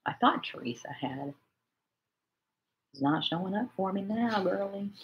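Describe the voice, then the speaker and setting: A woman in her forties hosts a casual church livestream chat, reading viewer comments and chatting in an animated way. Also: medium pitch, unhurried, highs cut off.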